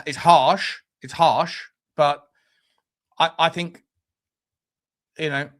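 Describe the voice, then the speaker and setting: A man's voice: on the high side, a bit bright. Blunt, crude-joking man. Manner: blunt and crude, joking, reading out the live chat. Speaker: fan show presenter. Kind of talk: casual live-stream chat.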